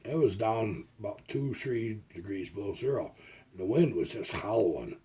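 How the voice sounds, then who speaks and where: Older man, husky, lowish voice, rambling folksy storyteller, casual vlog. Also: expressive, a little slow, warm tone. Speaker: retired logger vlogger.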